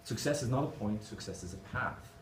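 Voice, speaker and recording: A man with an Irish accent, a lowish voice, and an animated, slightly quick delivery gives a humorous conference talk about his drawings. The noisy audio comes from a distant camera in a large, echoing conference hall.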